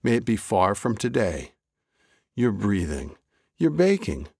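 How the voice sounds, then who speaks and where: A man voicing a wise, chatty old male rabbi in a told story, lifting his voice higher and teasing gently. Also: sing-song, measured pace, gravelly, husky, dry recording, studio quality, full character voice. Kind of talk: storybook character voice.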